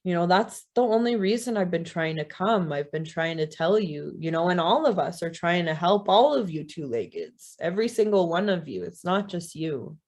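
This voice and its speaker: A woman's voice: fairly low pitch, animated, moderate pace, few pauses, darkish tone. A woman voicing wise, insistent Crow. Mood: earnest. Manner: earnest, urging, conversational with "you know".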